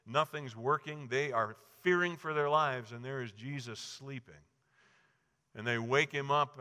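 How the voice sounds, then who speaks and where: Man, pastor, sermon storytelling, bright tense voice, long hall reverb. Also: medium pitch. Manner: storytelling, acts out quoted voices with rising emphasis.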